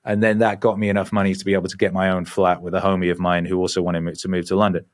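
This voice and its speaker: A middle-aged man, a podcast guest, telling rambling, animated stories with lots of swearing. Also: deep voice, racing. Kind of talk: casual storytelling.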